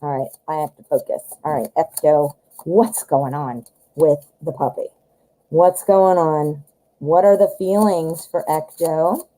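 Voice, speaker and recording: Woman host, chatty live tarot reader, mellow tone, lively delivery. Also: low voice, unhurried, rough recording. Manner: chatty, animated, greets viewers by name. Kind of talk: casual live-stream chat.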